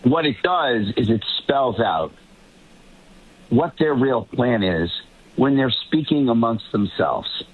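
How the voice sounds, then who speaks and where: A man's voice: medium pitch, lively intonation, slow, slightly rough. A man from the Boston area giving emphatic commentary as a guest on a political panel, often restarting and repeating words. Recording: tinny remote line.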